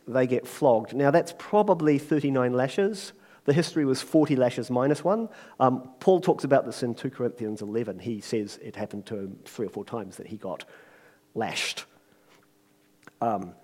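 Man preaching, animated pitch, chatty and joking, acts out the quotes. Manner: lively and conversational, with jokes and acted-out quotes. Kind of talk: sermon.

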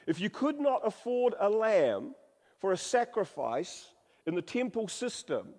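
Male preacher, high voice, dramatic and humorous, long hall reverb. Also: very animated, a little slow, darkish tone. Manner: dramatic, humorous, varies voice for quotes. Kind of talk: sermon with Bible reading.

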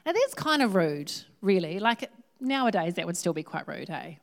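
A woman who preaches a sermon in a lively, humorous, conversational way. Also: fairly low pitch, normal speed, gravelly.

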